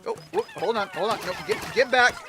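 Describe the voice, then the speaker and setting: A man's voice: sits high, huge pitch swings, brisk. A man giving casual, rambling let's-play commentary while he plays a video game, joking and swearing now and then. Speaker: gamer playing a video game. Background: game music.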